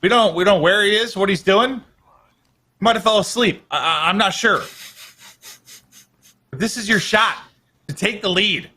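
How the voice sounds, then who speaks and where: A man's voice: high-pitched, normal speed, long pauses, bright, forceful tone, breathy edge. A man co-commentating a live mobile shooter match, playful and hyping up the action, asking his partner questions. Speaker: esports co-commentator.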